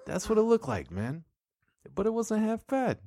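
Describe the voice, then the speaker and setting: A man's voice: sits high, sing-song, moderate pace, vocal fry, dark tone. A man co-hosting a podcast in casual, crude, profane chat, often laughing. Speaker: podcast co-host.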